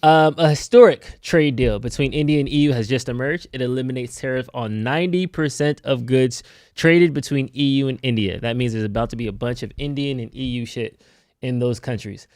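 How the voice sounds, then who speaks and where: A man's voice: mid-range voice, brisk, darkish tone, no room sound, clean studio sound. A man co-hosting a live show, bringing up news items and chatting casually. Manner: conversational, reads news items, brief agreements. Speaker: co-host.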